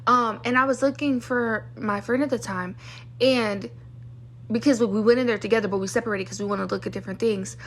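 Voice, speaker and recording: A young woman tells stories to her vlog camera in a loose, rambling rant. Her voice sits a little high, and she sounds exasperated and fed up. She fills her talk with "like" and acts out the lines of the people she is complaining about. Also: fairly even intonation, a little fast, slight background noise. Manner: exasperated, lots of "like", acts out what others said. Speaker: vlogger. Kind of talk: casual storytime rant.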